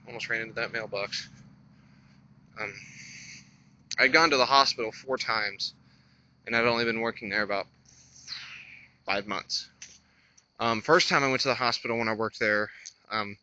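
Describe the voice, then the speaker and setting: Man, twenties, slight lisp, sharp bright voice, hesitant walk-and-talk vlogger recorded on a dull lo-fi camera. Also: mid-range voice. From North Carolina. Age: 20s. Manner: halting, hesitant, thinking aloud with many pauses. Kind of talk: rambling walk-and-talk vlog. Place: outdoors on a roadside walk.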